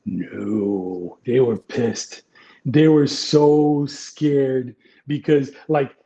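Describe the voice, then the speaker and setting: A man's voice: medium pitch, extremely slow, vocal fry, mellow, dull audio. A middle-aged man, a retired police detective, telling blunt, profane anecdotes in a casual interview.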